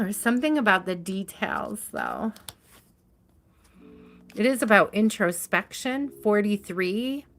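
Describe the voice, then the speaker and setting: Tired and yawning yet chatty and affectionate, this woman gives a live tarot reading full of laughs and drawn-out stresses on key words. Her voice is mid-range and a bit bright.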